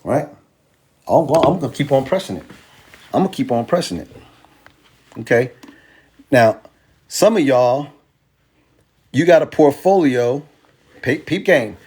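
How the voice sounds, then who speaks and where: A man's voice: mid-range voice, expressive, a little slow, pauses often, a little mellow, slight background noise. A man teaching crypto trading in casual, emphatic, repetitive speech, using slang and selling his course. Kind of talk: casual teaching demo with music.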